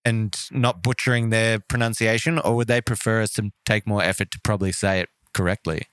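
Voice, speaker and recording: A man's voice: on the low side, fairly even intonation, a little fast, smooth, dry recording. A man with an Australian accent co-hosting a casual podcast in a jokey, teasing way. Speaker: podcast co-host. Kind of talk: casual chat.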